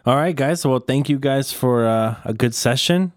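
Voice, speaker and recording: A man's voice: mid-range voice, moderate pace, dry recording, clean studio sound. A man hosting a podcast in a casual, easygoing way, wrapping up the session with friendly thanks. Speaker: podcast host.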